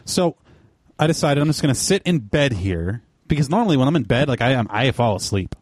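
Animated, cussing man telling a story. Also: mid-range voice, a little fast. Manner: animated, profane, self-mocking storyteller. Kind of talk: casual storytelling chat.

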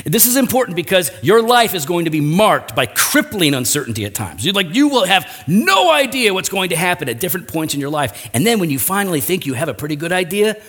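A man's voice: a little high, a bit bright. A male pastor giving a conversational sermon, telling a personal story with casual asides.

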